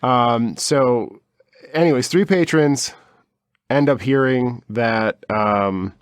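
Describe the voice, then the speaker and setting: A man's voice: medium pitch, takes it slowly, clean tone, dry recording, studio quality. A man co-hosting a podcast, telling a story in a rambling, wry way with lots of fillers and asides. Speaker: podcast co-host. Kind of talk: casual storytelling chat.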